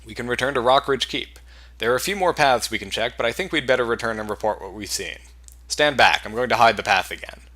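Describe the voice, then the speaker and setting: A man's voice: mid-range voice, quick pace, sharp tone. A man voicing a cautious male scout in a fantasy game, speaking in terse, urgent warnings. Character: wary male human scout, grim and cautious.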